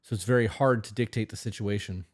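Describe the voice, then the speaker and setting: A man's voice: lowish voice, fairly even intonation, fast. A man co-hosting an advice podcast, talking bluntly and swearing freely in casual chat. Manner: blunt, profane, emphatic. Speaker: podcast co-host.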